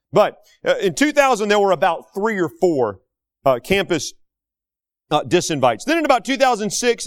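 A man delivering an emphatic, indignant opinion monologue, full of rhetorical questions, as a talk show host. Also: sits high.

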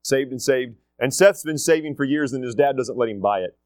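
With a medium-pitched, slightly dark voice and a somewhat quick pace, a middle-aged man leading a school addresses students casually and emphatically. He keeps circling back to his key phrases and dramatizes quotes, recorded without room sound.

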